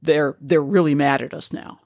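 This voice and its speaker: A man's voice: a little high, steady tone, normal speed, dry recording, natural voice. Man doing flustered woman colleague, worried, dry close sound. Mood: upset. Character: shaken young woman colleague, panicked.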